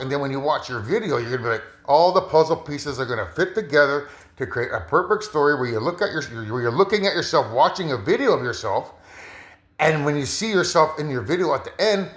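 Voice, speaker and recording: A man with a mid-range, slightly bright voice rambles through a casual monologue as a vlogger interpreting a viewer's video. He repeats himself, restarts sentences and leans on fillers, and the recording has a roomy echo.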